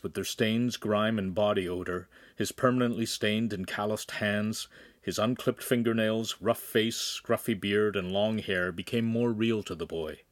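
Audiobook narrator, male, measured and even, dry booth sound. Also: on the low side, no echo.

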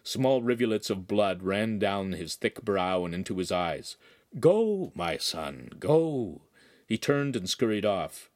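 A man narrating a young adult novel in an expressive storytelling manner. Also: on the low side, a little slow, hardly any pauses. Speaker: audiobook narrator. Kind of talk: scripted narration.

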